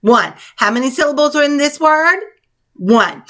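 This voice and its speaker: A woman's voice: on the high side, lively intonation, normal speed, a bit bright. A woman teacher leading young children through a spelling lesson, coaching them patiently in a sing-song classroom manner.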